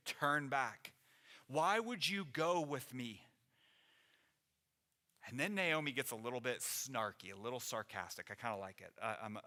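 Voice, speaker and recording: A man's voice: medium pitch, bright, forceful tone. A man preaching a sermon as pastor in a church, earnest and conversational, often restarting his phrases. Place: church sanctuary.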